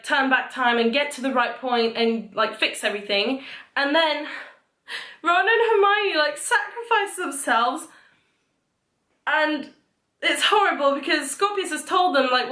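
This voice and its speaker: A young woman vlogger rambling excitedly through a book recap, full of "like" and fillers. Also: sits high. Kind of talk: casual book talk. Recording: echoey room.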